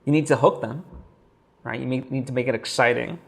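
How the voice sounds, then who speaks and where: A man's voice: mid-range voice, fairly even intonation, brisk, vocal fry. A man talking straight to camera in a casual vlog, thinking aloud with lots of fillers and restarts. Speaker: vlogger.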